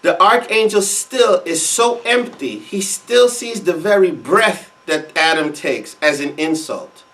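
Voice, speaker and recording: A man's voice: fairly high pitch, animated, measured pace, a bit bright, distant mic. A man co-hosting a reaction show, commenting casually in a heated, emphatic way with frequent repetition.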